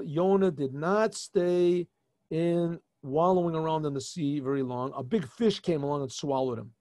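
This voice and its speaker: A man, a rabbi, retelling a scripture story to his class in an animated way, often restarting and adding asides. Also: fairly high pitch, no echo. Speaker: rabbi teaching a yeshiva class. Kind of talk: informal storytelling lesson.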